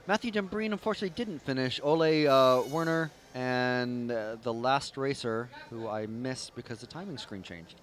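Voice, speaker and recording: A man's voice: medium pitch, moderate pace, few pauses, a little hiss or hum, poor audio. A man giving casual, rambling live race commentary with lots of fillers. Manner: chatty, rambling, with frequent fillers. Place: outdoor racetrack, trackside.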